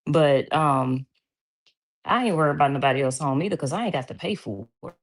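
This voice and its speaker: A woman with a low voice hosts a casual livestream from her home. She chats freely and reads viewers' comments aloud, laughing easily. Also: expressive, brisk. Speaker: livestream host.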